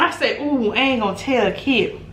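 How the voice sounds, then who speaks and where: A woman vlogger telling a story in a casual chat, animated and laughing often, acting out what people said. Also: a little high, normal speed. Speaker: mukbang vlogger. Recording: roomy echo, faint background noise.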